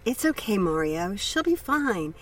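A woman reading a calm neighbor father. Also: medium pitch, measured pace, far from the mic. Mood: reassuring. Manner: calm, reassuring.

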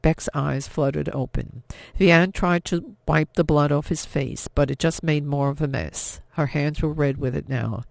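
Gravelly male audiobook narrator. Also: a little high, measured pace, no echo. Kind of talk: scripted narration.

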